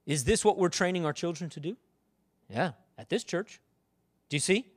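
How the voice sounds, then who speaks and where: High-voiced animated male pastor. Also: normal speed, dry recording. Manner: animated, calls out to the congregation. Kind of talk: sermon.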